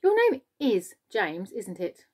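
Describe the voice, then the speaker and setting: A woman's voice: medium pitch, huge pitch swings, slow, heavily acted. A woman voicing a boastful, cheeky male giant centipede in a children's storybook reading. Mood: boasting. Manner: loud, gleeful, boasting.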